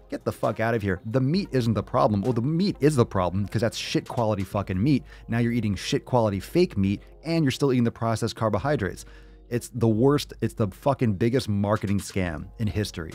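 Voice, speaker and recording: A man's voice: fairly low pitch, darkish tone. A man hosting a fitness video, giving a fired-up, mocking reaction commentary full of swearing. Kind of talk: profane ranting reaction commentary.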